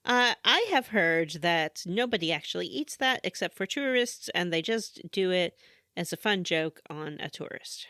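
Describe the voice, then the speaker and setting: A woman co-hosting a gaming podcast, reading trivia and teasing her co-host in a dry, deadpan way. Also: fairly low pitch, moderate pace, clean tone, no room sound. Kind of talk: casual podcast chat.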